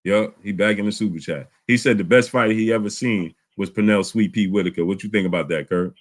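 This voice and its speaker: Animated man hosting a boxing stream. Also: on the low side, a little fast. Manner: animated, repeats words, reads super chats aloud. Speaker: boxing channel host. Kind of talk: casual live-stream chat.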